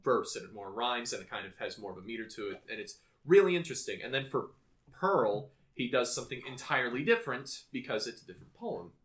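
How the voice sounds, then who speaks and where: A man's voice: mid-range voice, sing-song, fast talker, fairly bright tone. A young man co-hosting a podcast in casual chat, bookish and rambling, often restarting his sentences. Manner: reads poetry aloud. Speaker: podcast co-host.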